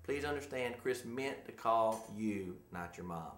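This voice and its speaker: A man's voice: on the low side, expressive, unhurried, fairly bright tone, echoey room. A man in his forties co-hosting a casual talk show, rambling and chatty and laughing often. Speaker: co-host. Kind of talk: casual chat.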